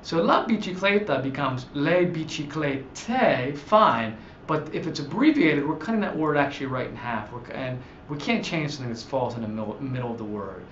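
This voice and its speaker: A man's voice: medium pitch, expressive, a bit bright. Man teaching grammar in an echoey room. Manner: patient, explains slowly with many fillers and restarts; stretches out example words for emphasis. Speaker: Italian teacher. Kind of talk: slide-based grammar lesson. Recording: echoey room, dull audio, faint hiss.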